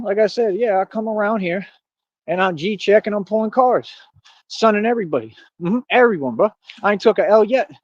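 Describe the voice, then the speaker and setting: A brash man rants on a live stream, boasting and daring his critics in heavy street slang. His voice sits a little high for a man. The dry, dull, lo-fi stream audio has no room sound at all. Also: dry recording. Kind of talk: casual streaming rant.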